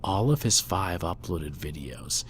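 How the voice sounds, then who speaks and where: A man reading a scripted creepypasta horror story in a hushed voice that often drops to a near whisper. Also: deep voice, expressive, measured pace. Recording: faint music bed under voice.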